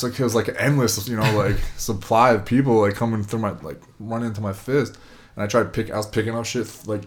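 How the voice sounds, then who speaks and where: A man, around his twenties, telling a long casual story, rambling with lots of fillers. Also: on the low side. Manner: rambling, lots of "like" and "you know".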